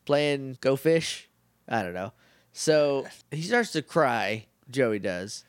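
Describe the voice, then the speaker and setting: A man's voice: medium pitch, slow, smooth, no room sound, clean studio sound. A man co-hosting a podcast, casually recapping a TV episode and acting out the characters' lines with jokes. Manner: animated, jokey, acts out characters' lines. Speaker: podcast co-host. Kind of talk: casual chat recapping a show.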